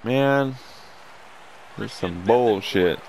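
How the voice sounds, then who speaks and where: Low-voiced young man playing a game. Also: slow, creaky, darkish tone. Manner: swearing, erupting into angry rants at the game. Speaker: gaming commentator. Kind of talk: casual gameplay commentary. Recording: game music playing behind.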